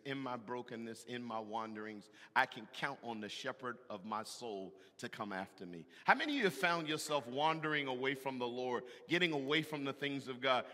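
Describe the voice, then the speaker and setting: A man preaching a sermon, animated and emphatic, with loud bursts and call-and-response to the congregation. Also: medium pitch. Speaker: pastor. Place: large church hall. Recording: echoey hall from a distance.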